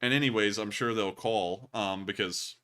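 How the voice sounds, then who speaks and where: Southern guy in his 20s cohosting a stream, joking around, laughs a lot, clear voice. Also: lowish voice, moderate pace. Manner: jokey, excitable, laughs often. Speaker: co-host of a war news show. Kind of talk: casual livestream chat answering super chats.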